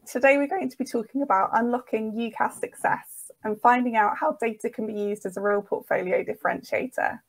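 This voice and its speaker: A woman's voice: fairly high pitch, steady tone, a little fast, gravelly, rough recording. A woman hosting a business interview over a video call, asking questions in a friendly way with some fillers. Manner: friendly, with fillers and "mm" listening sounds. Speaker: host, editor.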